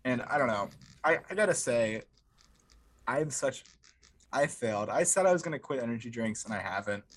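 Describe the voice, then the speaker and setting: A man's voice: medium pitch, lively intonation, normal speed, fairly bright tone. A young man co-hosting a podcast in casual chat, rambling and self-mocking, stammering through restarts. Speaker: podcast co-host.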